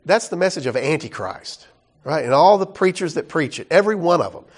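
A man with a high voice preaches in an easy, conversational way. He stays folksy and animated, breaking into exclamations and side remarks between points. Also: brisk. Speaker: pastor. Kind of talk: conversational sermon.

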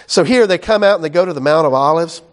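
A man's voice: a little high, fast talker. A man teaching a sermon verse by verse, in a casual, conversational way with many fillers and "right?" asides. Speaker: pastor.

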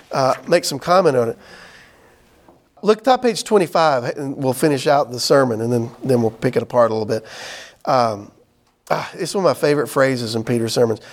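A man teaching a Bible class, chatting casually and reading scripture aloud slowly. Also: a little high. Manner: conversational, explains with "right?" and "y'all", reads scripture aloud slowly.

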